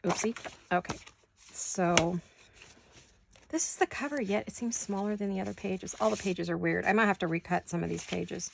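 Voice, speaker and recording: A woman's voice: mid-range voice, normal speed, creaky, a little hiss or hum. A woman hosting a crafting channel, chatting casually and rambling as she works at home, with the hiccups. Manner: chatty, rambling, self-correcting. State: has the hiccups. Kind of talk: casual crafting tutorial chat.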